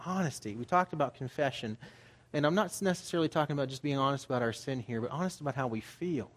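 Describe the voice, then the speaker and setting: A man's voice: medium pitch, quick pace. A man preaching as a pastor, in a conversational style that builds to emphatic urging. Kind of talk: sermon.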